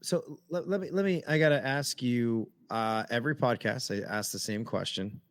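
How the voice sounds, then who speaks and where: A man hosting a podcast, asking questions in a laid-back, halting way. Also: medium pitch, no room sound. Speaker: podcast host. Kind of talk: casual interview chat.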